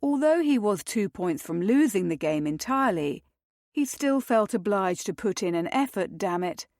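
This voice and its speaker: A woman reading a romance novel aloud in measured, even scripted narration. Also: mid-range voice, no room sound, clean studio sound. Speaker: audiobook narrator.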